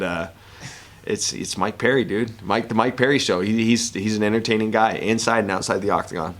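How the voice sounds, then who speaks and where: A man in his thirties with a lowish voice, fielding questions at a press session. He rambles casually, restarts his sentences often and laughs through his stories. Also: a bit bright, slight background noise. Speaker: professional fighter and analyst. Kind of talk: media interview answers.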